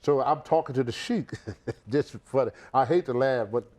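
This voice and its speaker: A retired wrestler, older and American, speaks at a moderate pace with a mid-range voice while recounting a story in a shoot interview. Animated throughout, he repeats words and mimics the people involved.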